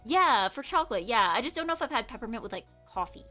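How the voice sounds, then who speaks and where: A woman's voice: fairly high pitch, big pitch swings, quick pace, sharp tone, soft background music. A woman streamer in casual chat, rambling and correcting herself, with lots of filler words. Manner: rambling, chatty, many filler likes, self-correcting.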